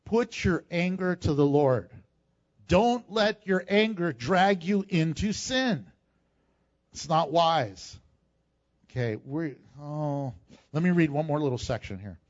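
A pastor preaches with a high, lively voice, moving between scripture readings and plain talk to his church. He is a man whose delivery stays animated throughout. The recording sounds dull and lo-fi. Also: takes it slowly. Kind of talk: sermon.

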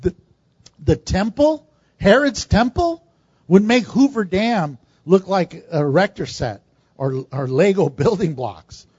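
A man's voice: sits high, expressive, slow, a little mellow, husky, no echo, muffled recording. A man preaching a sermon, telling the story with animation and asking the audience questions. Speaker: pastor.

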